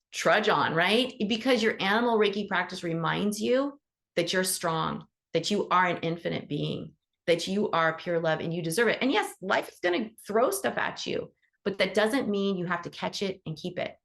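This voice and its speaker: A woman's voice: mid-range voice, gravelly, fairly bright tone. A woman who teaches animal Reiki, hosting a casual support call, chatty and encouraging as she acts out bits of dialogue. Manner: motivational, affirming.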